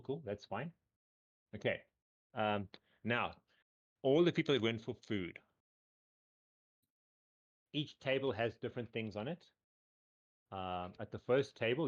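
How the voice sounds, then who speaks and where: A man runs a tabletop game and narrates the scene in a loose, rambling way, often stopping on "um" and repeating "cool". His voice sits low. The audio comes over a call and sounds dull and lo-fi. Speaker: game master.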